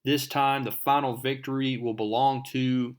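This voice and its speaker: A man's voice: mid-range voice, level tone, normal speed, lightly acted. A man voicing a vengeful male supervillain from a comic book, speaking in formal, lordly threats. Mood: menacing.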